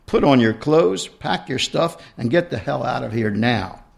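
A man reading aloud and voicing an angry, betrayed first lady who speaks bluntly and forcefully. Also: mid-range voice, animated, moderate pace, gravelly. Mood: furious.

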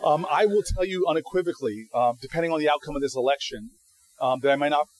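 High-voiced man telling lively stories. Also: quick pace, a little hiss or hum, poor audio. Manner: animated storyteller, frequent restarts; acts out quoted people. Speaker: guest speaker. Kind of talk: answering audience questions.

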